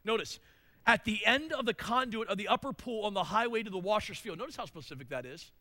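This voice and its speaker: A male pastor preaching a sermon, swinging between loud emphatic declarations and hushed asides. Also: sits high, animated, fast, no room sound.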